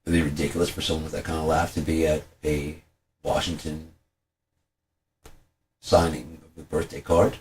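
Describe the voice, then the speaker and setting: A man's voice: a bass voice, little pitch movement, moderate pace, pauses often, darkish tone, slight background noise. A man talking through a heated, profane, rambling commentary and acting out the people he quotes. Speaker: vlogger.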